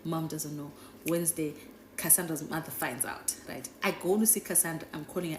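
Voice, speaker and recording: In an echoey room with a faint hiss, a young woman with a low voice rambles through a casual storytime, chatty and animated. She talks fairly quickly and keeps throwing "right?" and "guys" at her audience.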